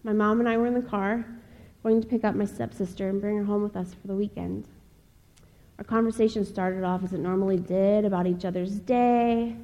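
A young woman from Ohio giving a personal testimony speech, telling her story in an earnest, measured way with pauses. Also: mid-range voice, warm tone. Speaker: speaker. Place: chapel. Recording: long reverb of a large hall.

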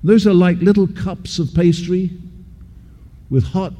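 A man's voice: high voice, steady tone, measured pace, warm tone. A man from England, preaching an expository sermon. He talks emphatically and repeats key words for stress. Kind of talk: expository sermon with personal story. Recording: long hall reverb.

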